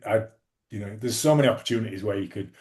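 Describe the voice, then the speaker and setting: A man's voice: lowish voice, fast, darkish tone. A man, a former rugby league player telling stories as an interview guest, rambling with lots of fillers and restarts. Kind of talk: casual interview storytelling.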